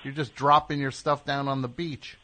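A man's voice: mid-range voice, flat delivery, normal speed, sharp tone, slight background noise. A man from New Jersey hosting a call-in radio talk show, riffing in a sarcastic, ranting comic way.

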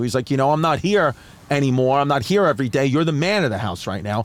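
A man's voice: mid-range voice, quick pace. A man from New York, a comedian guesting on a podcast, telling a story in a casual, profane way and acting out the other people in it. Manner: animated, profane, acts out quotes in other voices.

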